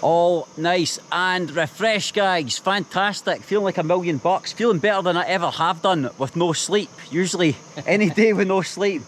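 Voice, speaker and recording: A man's voice: high voice, moderate pace, few pauses, a little hiss or hum. A young man vlogging casually outdoors by a jungle river pool. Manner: exclaims loudly at the cold water. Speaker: travel vlogger. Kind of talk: casual outdoor vlog chat.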